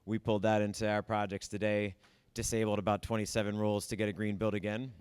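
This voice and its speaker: A man's voice: lowish voice, level tone, fast talker, a little mellow, smooth, no echo. A man giving a wry, conversational tech talk at a meetup. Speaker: meetup speaker.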